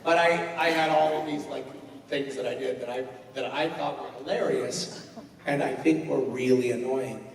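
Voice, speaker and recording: A man's voice: medium pitch, normal speed, creaky, recorded from a distance, a crowd in the background. A man in his forties answering a fan's question on stage, joking and self-mocking and rambling with many fillers. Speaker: convention panel guest. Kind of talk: comedic convention Q&A storytelling. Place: large convention hall. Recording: echoey hall recorded from afar.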